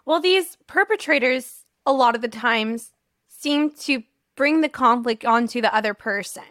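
A woman hosting an interview, responding in a measured, sympathetic way. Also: a little high, fairly bright tone, no room sound, clean studio sound. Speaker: interviewer, host. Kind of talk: conversational interview.

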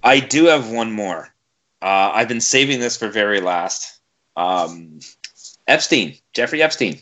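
A man's voice: on the low side, expressive, unhurried, bright, forceful tone, highs cut off. A man co-hosting a podcast, chatting casually, laughing along and reading out news items. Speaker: podcast co-host.

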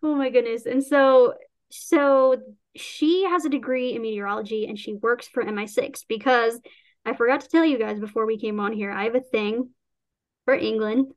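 A woman's voice: on the high side, normal speed. Chatty woman rambling about her novel. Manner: chatty, rambling with restarts and acted-out quotes; laughs often while talking. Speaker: author discussing her novel. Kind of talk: casual chat.

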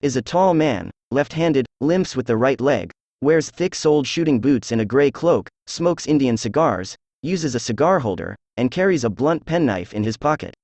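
A synthesized male voice reading the lines of a confident, precise male detective in an even, measured way. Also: medium pitch, no room sound, close to an everyday voice. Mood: calm.

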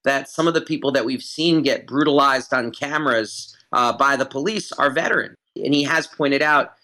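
A man talks as a guest in an interview, building his argument point by point. His voice is bright and forceful, and he leans on repeated phrases for emphasis. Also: medium pitch, moderate pace, rough recording. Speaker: guest commentator. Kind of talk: analytical interview talk.

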